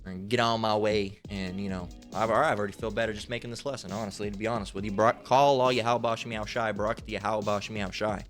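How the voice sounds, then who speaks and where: A man's voice: fairly low pitch, fairly even intonation, fast, few pauses, soft background music. A man giving a casual Bible lesson in a rambling, slangy way, swearing freely. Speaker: lay Bible teacher.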